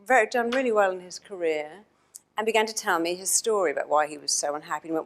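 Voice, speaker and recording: A woman's voice: lowish voice, fast talker. A woman giving a motivational talk, telling stories and acting out the people in them. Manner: storytelling, acts out quoted voices. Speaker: speaker.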